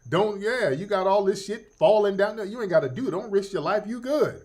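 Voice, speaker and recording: Animated, profane middle-aged male host. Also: high voice, moderate pace. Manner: profane, joking, laughs often. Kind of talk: casual livestream commentary.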